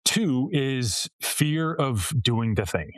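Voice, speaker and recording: A man with a medium-pitched, expressive voice draws out his words, with no room sound. He's a communication coach answering podcast interview questions conversationally, explaining ideas earnestly with everyday examples and illustrative quotes.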